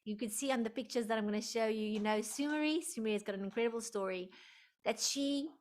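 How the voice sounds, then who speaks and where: A woman hosting a live online workshop, expressive and emotional, slipping into prayer like a preacher. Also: on the high side, fast. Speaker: workshop host.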